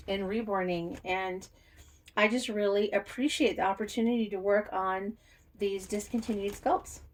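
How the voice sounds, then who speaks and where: A middle-aged woman chats her way through an unboxing vlog with a mid-pitched voice. She is reflective and easygoing, trailing off with fillers and breaking into small laughs. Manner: chatty and reflective, many fillers, soft laughs. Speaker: reborn doll artist and teacher.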